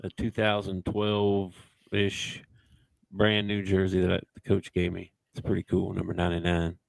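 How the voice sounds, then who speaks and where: Low gravelly easygoing man. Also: completely flat delivery, normal speed, dry recording. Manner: easygoing, chuckling. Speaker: podcast co-host. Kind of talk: casual chat.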